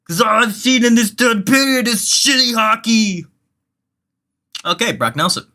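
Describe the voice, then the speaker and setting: A gamer doing profane, excitable mock play-by-play commentary while playing a hockey video game, often yelling at the action. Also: medium pitch, a little slow. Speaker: gamer commenting own match.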